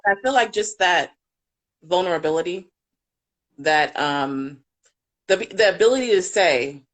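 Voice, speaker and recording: A woman's voice: on the low side, unhurried. Candid, impassioned woman parent coach. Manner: candid, impassioned, swears freely. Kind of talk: live panel discussion.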